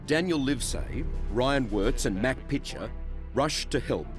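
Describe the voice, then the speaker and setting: A man's voice: mid-range voice, animated. Male reporter narrating over music. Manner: measured, storytelling. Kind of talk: scripted TV narration. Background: music underscore.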